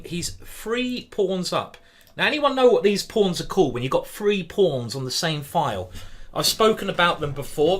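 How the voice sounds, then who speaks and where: A man's voice: fairly high pitch, fairly bright tone. A man, casually commentating a chess stream and greeting viewers by name. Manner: chatty, greets viewers by name, lots of ums.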